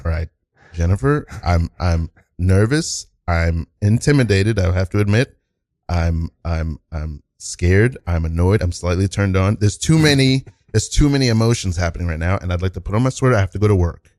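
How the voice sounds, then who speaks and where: A man's voice: deep voice, normal speed, a little mellow, no echo, clean studio sound. A man hosting an improv comedy podcast, encouraging and stammering, laughing often as he plays a flustered husband in a scene. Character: nervous shirtless husband, flustered. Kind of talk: improv scene, casual chat.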